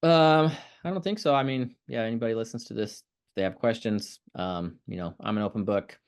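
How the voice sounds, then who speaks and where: A calm, easygoing man talking as a podcast guest and coach. His voice sits fairly low, and he speaks in a relaxed, open way. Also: brisk, smooth. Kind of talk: casual podcast chat.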